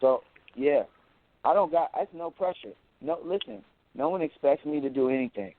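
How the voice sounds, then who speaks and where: A man talking as an interview guest, boastful and animated, who often repeats words as he goes. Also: a little high, normal speed, no room sound. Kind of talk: casual interview talk. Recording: tinny phone-like audio.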